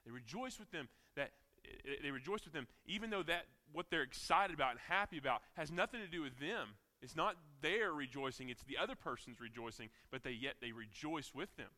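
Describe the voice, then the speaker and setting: A man's voice: on the high side, lively intonation, brisk, pushed and bright. A man with a Southern American accent, a pastor preaching a sermon with earnest repetition and frequent restarts. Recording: long reverb of a large hall.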